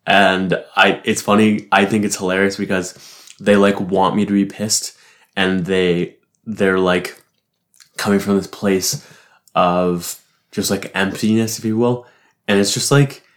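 A man's voice: sits low, flat delivery, moderate pace. A young man talking through his week in a casual, rambling way, swearing often, laughing to himself and filling gaps with "like". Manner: profane, rambling, frequent "like" fillers, laughs to himself. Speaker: barista reflecting on his week. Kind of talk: casual solo reflection.

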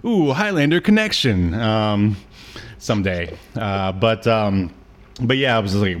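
A man's voice: fairly low pitch, expressive, unhurried. A man co-hosting a podcast in casual chat, joking and laughing often, trailing off into fillers. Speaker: podcast co-host.

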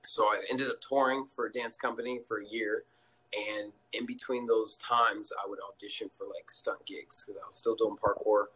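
Young man, low bright voice, husky edge, animated storyteller, laughs often. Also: moderate pace, rough recording. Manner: animated, laughs often, acts out quotes in a high voice. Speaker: guest. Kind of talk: casual storytelling.

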